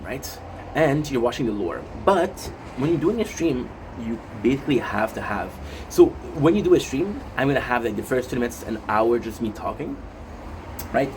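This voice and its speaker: A man's voice: mid-range voice, darkish tone, slight background noise. Rambling man streaming to chat. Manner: rambling, self-interrupting, many fillers and asides to chat.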